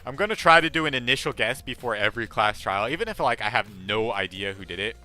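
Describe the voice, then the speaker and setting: An excitable man thinks aloud through a live game stream. His voice is bright and forceful and swoops up and down as he reasons things out, with game music faintly behind him. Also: quick pace. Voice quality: deep voice by his own account.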